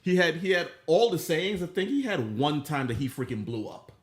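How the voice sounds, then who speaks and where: A man's voice: fairly high pitch, big pitch swings, normal speed. A young man co-hosting a casual chat about TV shows, laid-back and dropping joking asides. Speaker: co-host.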